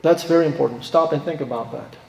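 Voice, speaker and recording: A man preaching a sermon, asking rhetorical questions and stressing key points, then dropping to quiet asides. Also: fairly high pitch, quick pace, gravelly. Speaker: pastor. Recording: echoey hall reverb.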